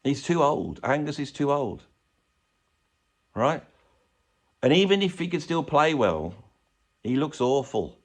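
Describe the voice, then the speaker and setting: Male YouTuber, slightly high voice, rambling sarcastic rant, self-mocking asides. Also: sing-song, takes it slowly, long pauses. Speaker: YouTube commentator. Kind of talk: comedic ranting commentary.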